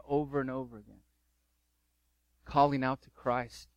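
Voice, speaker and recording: A man's voice: medium pitch, level tone, unhurried, pauses often, no echo. A middle-aged man preaching a sermon as pastor, fervent and emphatic, repeating key phrases.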